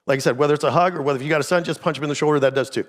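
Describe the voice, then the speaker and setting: A man's voice: fairly high pitch, very fast. A middle-aged man preaching a sermon as pastor in a church, talking with the congregation in a conversational way and asking them many questions. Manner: conversational, asks the congregation many questions, drops to a quiet intense voice. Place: church sanctuary. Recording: long church reverb.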